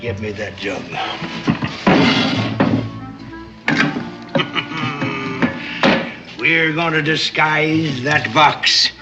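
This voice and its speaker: An actor playing a crafty, jovial older sea captain who talks like a salty sailor. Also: male voice, a little high, drawn-out words, pauses often, lo-fi sound, over loud music. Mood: scheming. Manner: salty sailor talk, boisterous and cajoling.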